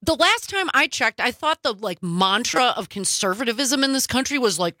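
A woman's voice: on the high side, lively intonation, moderate pace, hardly any pauses, sharp tone, no echo, studio quality. A woman co-host giving emphatic, indignant political commentary.

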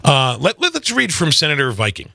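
Sarcastic, gravelly political talk host. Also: male voice, a little high, huge pitch swings, a little fast, sharp tone, dry recording. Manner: sarcastic, repeats words when he restarts. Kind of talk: casual political chat.

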